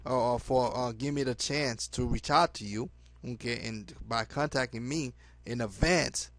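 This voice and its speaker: A man giving a webinar pitch to friends and followers, pleading and repetitive, ending almost every phrase with "okay?", in slightly broken phrasing. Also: normal speed, a bit bright, no echo. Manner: non-native phrasing with dropped words. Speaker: network marketer addressing his team. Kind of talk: direct-to-camera webinar pitch.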